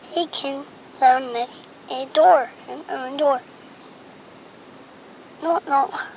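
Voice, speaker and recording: A woman's voice: sits high, steady tone, unhurried, creaky. A woman reading a picture book aloud to a child, playfully imitating animal and object sounds and asking the listener to join in. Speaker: reader to a child. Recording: dull lo-fi with faint noise.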